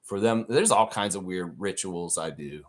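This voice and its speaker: A man's voice: sits low, moderate pace. A man hosting a live stream, chatting casually and ranting with plenty of swearing. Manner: profane, animated rant reading chat.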